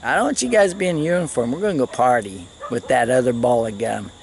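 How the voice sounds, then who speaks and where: A man's voice: medium pitch, fast talker, vocal fry. A man casually telling a rambling travel story, acting out the people he met and swearing often. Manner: rambling, animated, swearing, acts out others' lines.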